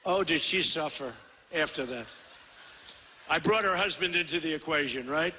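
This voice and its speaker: At a rally in a large convention hall, a presidential candidate in his sixties gives a wandering, boastful speech full of repetition into a podium microphone. His voice is a little high and at normal speed, captured through echoing PA sound with a noisy background.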